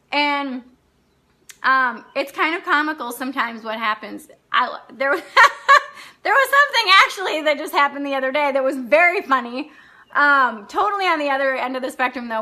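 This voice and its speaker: A high, bright-voiced woman leads a live online coaching class. She talks off the cuff and bluntly, swearing freely and laughing often as she answers viewers' comments.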